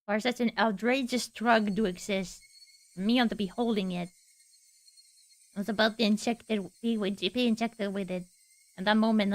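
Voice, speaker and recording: A woman streamer reading a visual novel's text aloud, playful and giggly between lines. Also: on the high side. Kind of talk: reading game text aloud with live reactions.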